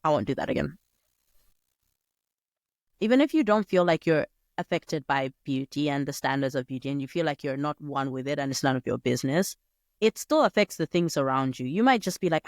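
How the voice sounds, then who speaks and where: A young woman hosting a solo podcast, talking in a chatty, digressive way with sudden jumps up in pitch. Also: lively intonation, brisk, no room sound, clean studio sound. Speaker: podcast host. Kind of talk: casual solo podcast monologue.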